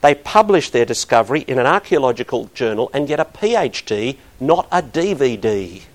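A man's voice: medium pitch, big pitch swings, moderate pace. A middle-aged man preaching a sermon, earnest and building to emphatic bursts.

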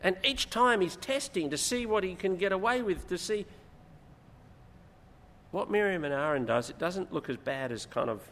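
A man's voice: sits high, normal speed. Preacher man in a reverberant hall. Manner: expository, rises in emphasis, animated retelling. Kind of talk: sermon. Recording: long hall reverb, faint noise.

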